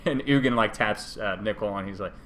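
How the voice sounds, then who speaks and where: A man's voice: lowish voice, fairly quick, fairly bright tone. Man joking through a rambling recap. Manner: jokey, rambling retelling with put-on character voices. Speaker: podcast co-host. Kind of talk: casual podcast recap.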